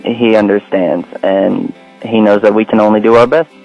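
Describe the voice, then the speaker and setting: A man's voice: on the low side, fairly even intonation, normal speed, gravelly, muffled recording, faint music behind. A man calling in to a radio show by phone, friendly and a bit hesitant, laughing shyly. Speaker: radio caller. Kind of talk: casual phone-in chat. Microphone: phone call.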